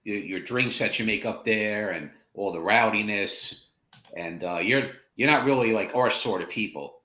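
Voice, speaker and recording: A man's voice: on the low side, moderate pace, pushed and bright, roomy sound. A man voicing a hot-headed young farmer with a sword who blusters in defense of his people. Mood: indignant.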